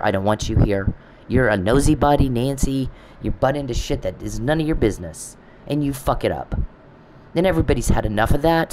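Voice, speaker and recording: A man ranting bitterly in a monologue, speaking straight at an absent opponent. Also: medium pitch. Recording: steady background noise.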